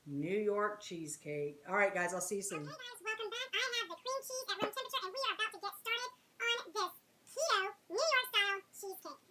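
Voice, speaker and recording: A woman's voice: mid-range voice, sharp tone, a little hiss or hum. Chatty woman cooking in an echoey kitchen. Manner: chatty, talks straight to viewers as "guys" and "y'all". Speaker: home cooking channel host. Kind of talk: casual cooking demonstration. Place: home kitchen.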